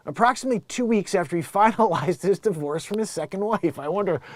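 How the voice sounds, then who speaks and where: Male host, bright-pitched, animated delivery, riffs on news, chuckles at own jokes. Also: dry recording. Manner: rambling, jokey, keeps laughing at his own bits. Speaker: talk show host. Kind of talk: comedic news commentary.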